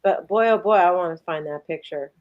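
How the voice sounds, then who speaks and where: A woman's voice: on the low side, a little fast, muffled recording. A woman co-hosting a casual livestream chat, joking and teasing. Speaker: livestream co-host.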